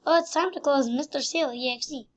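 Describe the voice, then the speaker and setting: A woman's voice: high voice, a little fast. A woman giving silly, rambling gameplay commentary, full of sound effects and goofy asides.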